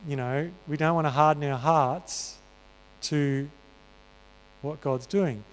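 Earnest preacher in a ringing hall. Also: male voice, on the high side, steady tone, slow, smooth. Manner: earnest, conversational, many fillers. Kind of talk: sermon. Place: church hall. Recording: reverberant church hall.

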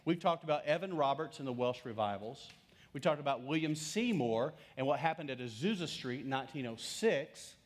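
A man in his fifties, a pastor preaching a sermon and telling a personal story in an animated, conversational way. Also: mid-range voice, fairly quick.

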